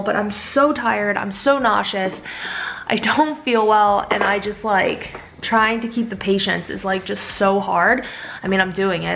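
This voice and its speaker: A woman's voice: mid-range voice, gravelly, fairly bright tone, slight background noise. Tired young woman chatting at home. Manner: weary, rambling, heavy use of "like". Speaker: vlogger and mother. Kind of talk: casual vlog chat.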